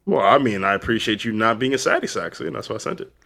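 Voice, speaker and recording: A man from Baltimore, a comedian guest on a podcast, ribbing the host with mock-dramatic teasing. He talks quickly and his pitch swings widely. He swears casually. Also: big pitch swings, creaky, sharp tone. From Baltimore, USA.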